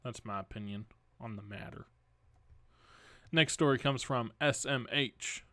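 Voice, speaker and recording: Young male podcast host, unhurried news reading with offhand commentary, dry mic. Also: mid-range voice, bright, forceful tone, dry recording. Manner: casual, rambling asides and self-corrections.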